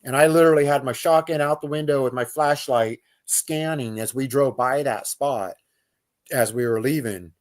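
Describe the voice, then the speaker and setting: A man's voice: mid-range voice, normal speed. A man telling a personal outdoor story as a guest, in loose casual speech with fillers, restarts and imitated animal calls. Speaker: guest recounting an outdoor encounter.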